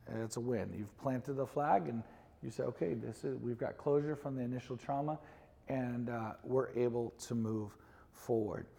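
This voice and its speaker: A man's voice: mid-range voice, vocal fry, darkish tone. Candid male pastor in a reverberant church. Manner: candid storytelling with laughs, asks co-host questions. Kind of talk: conversational sermon talk. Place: large church sanctuary.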